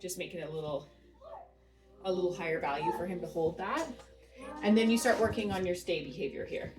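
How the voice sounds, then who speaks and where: A woman's voice: fairly low pitch, brisk, low-quality recording. Woman, dog trainer, patient and instructive, at home, music behind. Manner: calm, patient, instructive, praises the dog softly. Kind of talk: hands-on training demonstration. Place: home living room.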